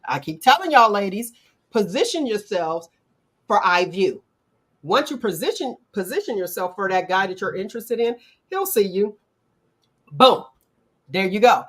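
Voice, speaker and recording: A middle-aged woman hosting a casual talk show, animated and acting out quotes in playful voices. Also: medium pitch, moderate pace, pauses often. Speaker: podcast host. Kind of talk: casual chat.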